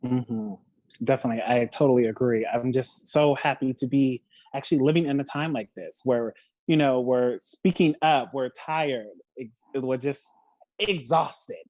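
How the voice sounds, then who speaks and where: A woman hosting a casual recap discussion over a call, expressive and frank, often laughing. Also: extremely low pitch, a little slow, no room sound. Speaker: host.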